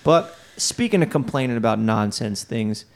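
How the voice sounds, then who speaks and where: A man's voice: medium pitch, lively intonation, normal speed, vocal fry, slight background noise. A man co-hosting a podcast in casual chat, joking and rambling through his complaints and reading ads. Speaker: podcast co-host.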